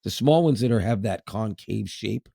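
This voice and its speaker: Man, 50s, low pitch, dry recording, casual rambling podcast talk. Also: lively intonation, moderate pace, vocal fry, dark tone, no room sound. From Canada. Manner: chatty, laughs often, repeats words. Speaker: podcast co-host. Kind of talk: casual chat.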